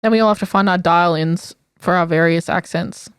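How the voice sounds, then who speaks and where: A woman, a tabletop player, briskly describing her character. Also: lowish voice, steady tone, smooth, no echo, studio quality. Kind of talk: casual chat about a game character.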